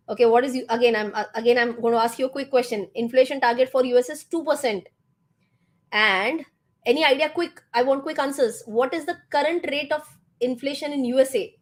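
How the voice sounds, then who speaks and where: A woman's voice: high-pitched, fairly quick. A middle-aged woman with an Indian English accent, hosting a live market commentary stream and quizzing her viewers. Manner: animated, mixes in Hindi words, quizzes viewers. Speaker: finance livestream host.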